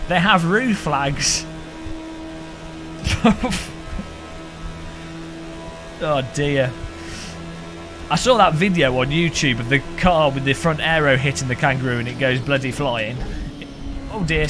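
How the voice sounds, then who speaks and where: A man streaming a racing game live, joking with chat and commentating excitedly. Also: a little high, slow pace, long pauses, over music. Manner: excitable, jokey banter with chat. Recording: game engine noise behind voice.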